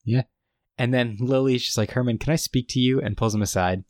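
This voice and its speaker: A man's voice: mid-range voice, a little fast, a little mellow, no room sound, studio quality. A man co-hosting a podcast, casually recapping a TV episode and quoting its lines with frequent laughs. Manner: retells scenes with quoted lines, laughs often. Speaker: podcast co-host.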